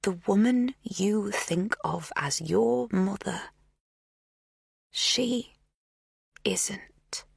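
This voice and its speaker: A woman voicing an intense, tender, unsettling older woman in a breathy whisper. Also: lowish voice, big pitch swings, normal speed, few pauses, no echo, studio quality, pitched above the performer's own voice. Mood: hushed intense.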